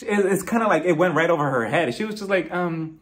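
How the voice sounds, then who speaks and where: A man giving a casual recap of a reality TV episode, chatty and animated, often sounding incredulous. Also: on the high side, fairly quick. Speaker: TV recap reviewer.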